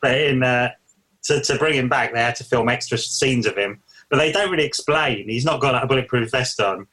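Male co-host, crisp bright tone, hedging anecdotal storyteller. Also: medium pitch, a little fast, rough recording. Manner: anecdotal, hedging, acts out quotes. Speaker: podcast co-host. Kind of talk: casual film chat.

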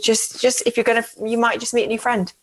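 A woman's voice: fairly high pitch, level tone, quick pace. A woman co-hosting a radio dating show, teasing bluntly and swearing as she gives advice. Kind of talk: casual chat.

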